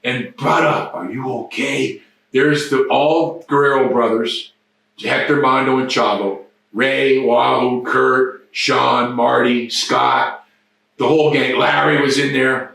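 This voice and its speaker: A man guest telling rough, profane stories in an animated way, often restarting and repeating his words. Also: mid-range voice, slow. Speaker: interview guest. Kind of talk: casual storytelling. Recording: echoey room, distant mic.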